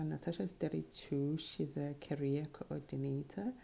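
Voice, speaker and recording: A woman with a low, gravelly voice talks through a show's cast in a casual, chatty way. Her tone is mellow and unhurried, and she drops in quick sassy asides as she goes. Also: fairly even intonation. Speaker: reality show commentator. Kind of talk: casual show recap to camera.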